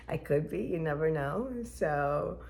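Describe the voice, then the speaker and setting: A woman's voice: low voice, expressive, takes it slowly, vocal fry, a little mellow. A woman vlogger rambling casually to her viewers in a chatty, playful way, laughing often. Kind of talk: casual rambling vlog chat.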